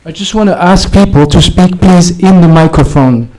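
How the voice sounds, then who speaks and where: A man's voice: sits high, moderate pace, darkish tone, rough recording. A man, a meeting official, politely but insistently asking speakers to use the microphone at a village board meeting. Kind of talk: procedural interruption at a meeting.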